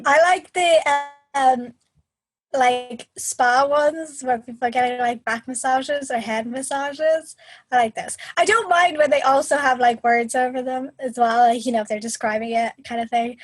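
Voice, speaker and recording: A woman co-hosting a podcast in casual chat, animated and expressive. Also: sits high, unhurried, dry recording. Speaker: podcast co-host.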